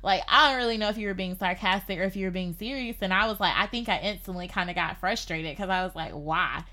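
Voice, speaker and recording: A woman telling a personal story in casual podcast chat, animated and filling her talk with "like". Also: mid-range voice, fast. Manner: animated, lots of "like". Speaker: podcast guest.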